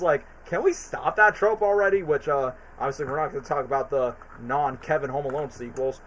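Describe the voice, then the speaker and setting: A man streaming casual commentary, retelling movie scenes in a rambling, animated way with quick put-on voices. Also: medium pitch, rough recording.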